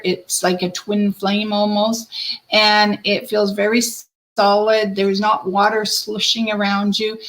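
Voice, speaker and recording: Woman, psychic host of a live stream; gentle, reassuring reader with a mid-pitched voice. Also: rough recording. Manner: gentle, reassuring, addresses viewers by name. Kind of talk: live-stream card reading.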